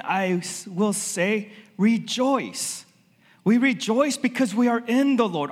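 High-voiced casual preacher in a reverberant hall. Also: male voice. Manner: casual, conversational preaching with many fillers. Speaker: pastor. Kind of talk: sermon.

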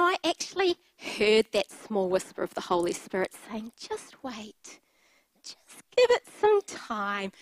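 A woman's voice: high voice, dry recording, poor audio. A middle-aged woman preaching a sermon, telling personal stories in a candid way with light laughter.

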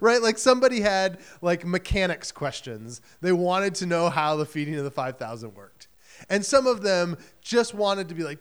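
A pastor from Michigan giving a sermon in a conversational way, acting out quoted voices and often saying "like" and "right?". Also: male voice, high voice, animated, moderate pace, clear, resonant tone.

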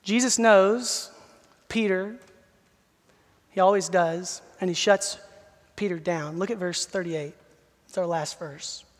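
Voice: mid-range voice, takes it slowly, long pauses. Earnest preacher in a reverberant hall. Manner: earnest, emphatic, addresses listeners directly. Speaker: pastor. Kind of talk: expository sermon.

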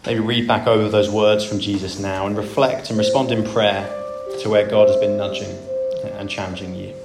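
A man's voice: fairly low pitch, fairly even intonation, moderate pace, music in the background. A man preaching a sermon, earnest and reflective, asking rhetorical questions of his listeners. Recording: echoey room with faint ambience.

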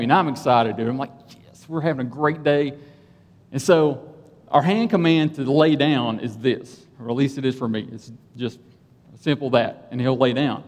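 A man telling a personal story in a sermon, animated and conversational, often checking in with his listeners. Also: medium pitch, in a large hall. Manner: animated, conversational, keeps asking "right?". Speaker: police officer and church speaker.

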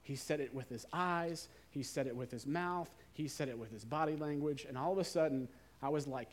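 A man preaching a sermon in a conversational way, slowing down and softening his voice to stress key words. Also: fairly high pitch, lively intonation.

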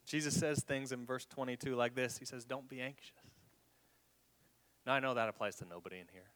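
A man preaching with a bright, forceful voice. He stumbles over repeated words and sinks to a whisper for effect. His delivery is earnest and conversational. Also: medium pitch, fairly even intonation, fairly quick. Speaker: pastor. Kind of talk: sermon.

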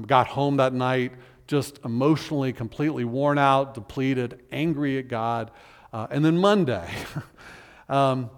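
Earnest male pastor in a reverberant hall. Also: mid-range voice. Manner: earnest, emotional, halting with restarts. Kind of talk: sermon storytelling.

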